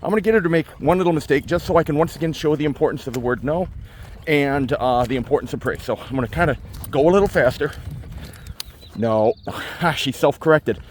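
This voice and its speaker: A man working as a dog trainer, explaining his methods while out in a forest and often slipping into high baby talk with the dog. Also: a little fast, a little hiss or hum. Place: outdoors in a state forest.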